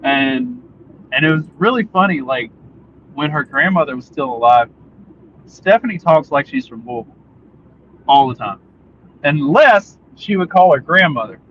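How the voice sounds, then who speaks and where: A man's voice: fairly high pitch, expressive, normal speed, long pauses. A man from Indiana with a Southern accent, chatting casually on a podcast and telling stories full of "like.". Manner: storytelling, chatty, plenty of "like". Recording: dull lo-fi stream audio with noise.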